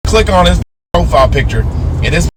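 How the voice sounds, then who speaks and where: A man's voice: fairly high pitch, normal speed. A man in his twenties telling a story in a casual, profane way, acting out the voices of the people he quotes. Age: 20s. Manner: animated, acts out quoted voices. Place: in a car. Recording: noisy car with traffic outside. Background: vehicle and street noise.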